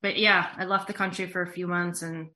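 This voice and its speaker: A woman interview guest with a voice that sits a touch low for a woman. She speaks haltingly and hesitantly, restarting her sentences and filling the gaps with "you know". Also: little pitch movement, bright, forceful tone. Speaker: guest journalist. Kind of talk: livestream interview.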